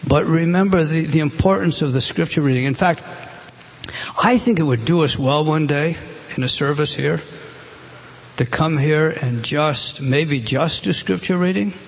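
Husky middle-aged man preaching. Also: a little high, normal speed. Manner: earnest, exhorting preacher with frequent restarts. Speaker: pastor. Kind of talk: sermon.

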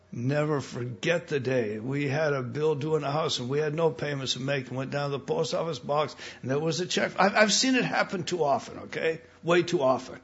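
An American man preaching a sermon, emphatic, repeating himself and putting questions to his listeners. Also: fairly high pitch. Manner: emphatic, repeats words, asks the congregation questions. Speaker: pastor. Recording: dull lo-fi recording.

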